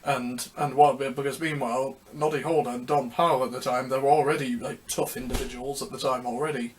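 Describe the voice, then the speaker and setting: A man hosting a music history video, talking casually and unscripted, rambling and halting with many restarts. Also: mid-range voice, fairly even intonation, a little hiss or hum.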